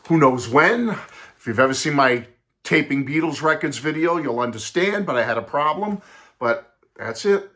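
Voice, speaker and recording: A man in his sixties hosting a vlog, telling a nostalgic personal story in a chatty, animated way, talking straight to his viewers. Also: medium pitch. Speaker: vlog host and record collector.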